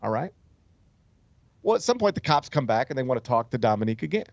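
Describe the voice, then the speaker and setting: A man at a middle pitch hosting a talk show, spinning a story in a loose, chatty way, full of fillers and false starts. His voice sits close and dry, without room sound, and the recording is a little muffled and dull. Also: sing-song, fast, gravelly, no room sound. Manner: loose, rambling delivery full of "like" and "um", with frequent restarts. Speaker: sports radio host.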